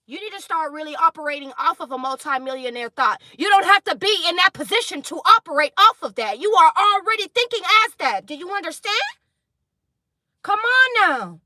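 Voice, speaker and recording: A woman giving a tarot reading to her viewers, preaching intensely, swearing, and apologizing for getting loud. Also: very high voice, animated, quick pace, few pauses, dry recording. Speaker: tarot reader.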